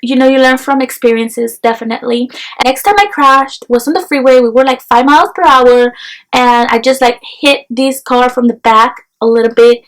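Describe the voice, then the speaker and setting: Young woman, high-pitched, casual vlog storytelling, animated, filler-heavy. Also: normal speed, low-quality recording. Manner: chatty, peppered with "like", animated retelling. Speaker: vlogger.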